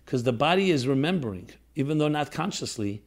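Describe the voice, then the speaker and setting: A man speaks in an earnest, reflective storytelling tone, as a teacher recounts a moment to his class. His pitch sits in the middle range, and he stops and restarts now and then as his thoughts come. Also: expressive, a little fast.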